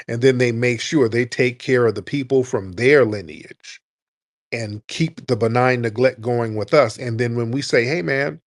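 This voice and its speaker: A man's voice: medium pitch, steady tone, moderate pace. A man hosting a live call-in talk show, speaking in an emphatic, repetitive, preaching way. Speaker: host.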